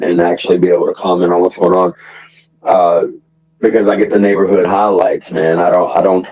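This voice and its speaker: A man's voice: low voice, a little mellow, rough recording. A man ranting casually to his stream audience, rambling through restarts and profanity and laughing often. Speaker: livestream commentator.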